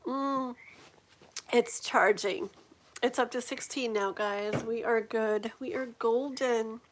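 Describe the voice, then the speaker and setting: A woman in her forties with a slightly high voice hosts a live tarot stream. She chats loosely and rambles, scattering fillers and giggles as she talks to her viewers. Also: fairly even intonation, takes it slowly, a little hiss or hum. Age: 40s. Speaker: tarot reader hosting a livestream. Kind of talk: casual livestream chat.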